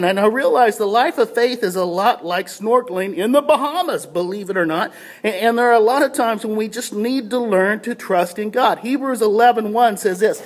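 Pastor type, high voice, casual anecdotal devotional, stumbling restarts, self-deprecating humor. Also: male voice. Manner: casual storytelling with repeated restarts. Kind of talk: short devotional talk.

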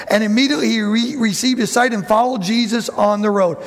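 High-pitched gravelly preacher man. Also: fast talker, few pauses. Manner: animated preaching, acts out bible voices, calls to the congregation. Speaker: pastor. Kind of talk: sermon. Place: church.

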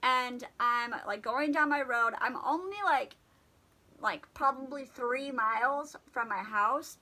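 A young woman vlogger chatting through a casual storytime, animated and full of fillers. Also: sits high, slow pace, low-quality recording.

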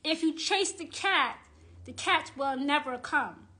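Blunt, high-voiced woman ranting live. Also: slow, pushed and bright. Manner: blunt, profane and indignant; repeats phrases for emphasis. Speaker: witch and tarot reader. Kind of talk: live-streamed rant.

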